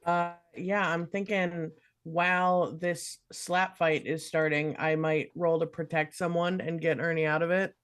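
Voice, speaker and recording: A woman's voice: on the low side, level tone, unhurried, hardly any pauses, clear, resonant tone. Wry woman playing a tabletop game. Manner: wry, self-mocking. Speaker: player. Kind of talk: casual tabletop play over a video call.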